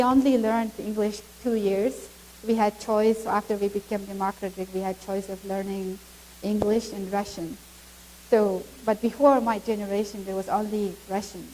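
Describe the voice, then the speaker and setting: A middle-aged woman from Mongolia with a Mongolian accent, giving a church testimony as an animated storyteller who laughs often. English is not her first language. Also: mid-range voice, a little hiss or hum, rough recording. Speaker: guest speaker.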